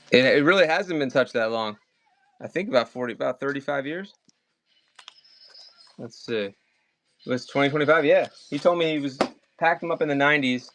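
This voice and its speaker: A livestream seller with a Maryland accent runs a casual live comic sale, chatty and rambling as he calls out bids fast. His voice is mid-range, with a little hiss or hum in the recording.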